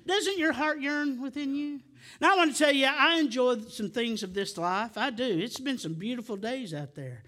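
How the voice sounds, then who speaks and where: Male preacher, middle-aged, bright and piercing, surging to near shouts then dropping low. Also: expressive, unhurried. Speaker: pastor. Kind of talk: sermon.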